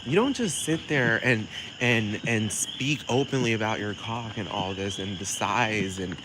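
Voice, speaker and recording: A man delivering a sassy, profane comedic rant, rambling fast with plenty of attitude. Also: fairly low pitch, background noise.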